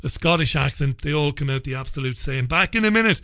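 A man hosting a radio talk show in a chatty, opinionated way with quick asides. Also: on the high side, lively intonation, sharp tone, slight background noise.

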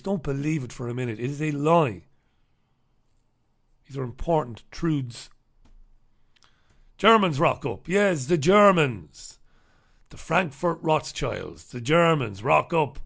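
Sarcastic ranting man, gravelly voice. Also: on the high side, lively intonation, unhurried. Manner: sarcastic, combative, swears freely. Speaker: talk show host. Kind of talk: ranting monologue and newspaper review.

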